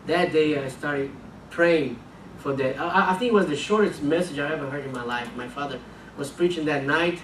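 A missionary preacher gives a sermon built around a personal story, speaking earnestly and often repeating or restarting words. His male voice is on the high side and a little fast. The mic sits at a distance in an echoey church sanctuary, with a little hiss or hum.

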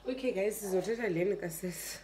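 A woman's voice: medium pitch, quick pace, heavy background noise. A young South African woman vlogging in a casual, chatty way, complaining in an exasperated tone and talking straight to her viewers. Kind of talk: casual vlog chat to camera. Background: background music.

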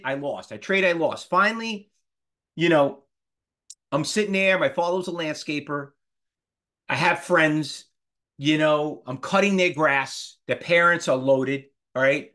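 50s guy lecturing a class, fairly high voice, keeps hitting them with questions. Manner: animated, fires rhetorical questions at the class. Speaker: trading instructor.

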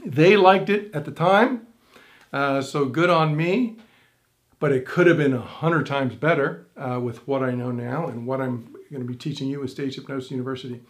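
A middle-aged man, a stage hypnotist and teacher, telling a story in an animated way with quoted thoughts. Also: moderate pace. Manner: animated storytelling with big pitch swings and quoted inner thoughts. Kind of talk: storytelling to camera.

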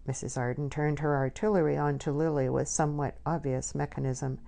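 A woman reading a novel aloud in measured, scripted narration. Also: sits low, steady tone, vocal fry, warm tone. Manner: measured storytelling. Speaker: audiobook narrator.

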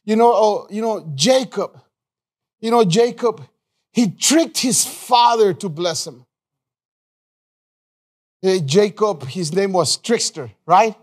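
A male pastor preaching a live sermon in a church, emphatic, repeating phrases, calling on the congregation and restarting his sentences in quick bursts. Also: high-pitched, animated.

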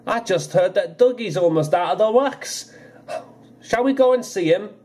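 A man's voice: on the high side, animated, normal speed, a little mellow. Donald, a man doing an engine. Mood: cheerful. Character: weary kindly Scottish male tank engine. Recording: music playing under the voice.

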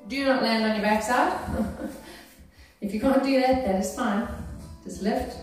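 A woman's voice: fairly high pitch, unhurried. Instructor woman cueing stretches in an echoey room. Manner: encouraging, gives cues and checks in with okay. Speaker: fitness instructor. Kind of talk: guiding an exercise class. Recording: very echoey room from far off, faint music.

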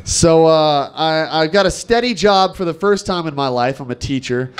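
Slight background noise sits under this club set from a Nevada comedian in his twenties. He speaks at normal speed in a highish voice, wry and self-mocking, and mimics locals with lots of energy.

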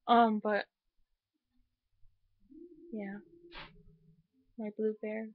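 A woman's voice: mid-range voice, flat delivery, extremely slow, narrow, tinny audio. A young woman from the United States giving a casual, rambling video review, gushing with many fillers after crying. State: just finished crying. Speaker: vlogger.

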